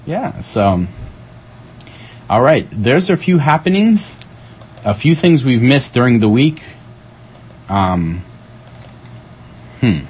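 This community radio host is playful as he jokes through the day's calendar, his reading full of lively rises and falls. He speaks slowly in a mid-range voice with a breathy edge, pausing often. Recording quality is low.

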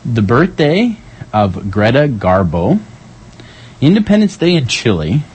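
A man's voice: medium pitch, unhurried, breathy edge, rough recording. A man hosting a community radio show, chatting casually and jokily as he reads out the day's events. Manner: playful, jokey, reading calendar items with lively ups and downs.

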